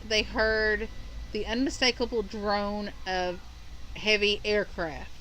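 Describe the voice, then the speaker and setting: A woman's voice: medium pitch, sharp tone, a little hiss or hum, poor audio. A woman from Kentucky, co-hosting a podcast and recounting a story in a rambling, casual way with frequent ums. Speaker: podcast co-host.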